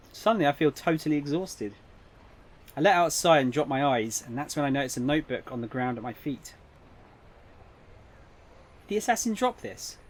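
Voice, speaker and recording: Brief: male streamer reading a bewildered young heroine from game text, plain reading, lightly raised pitch. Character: young woman narrating her own puzzled predicament.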